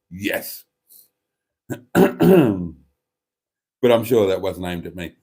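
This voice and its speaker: A man's voice: sits low, sing-song, slow, long pauses, warm tone. A middle-aged man hosting a live stream, chatting casually and rambling as he reads out viewer comments, a bit congested. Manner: rambling, self-interrupting and chatty.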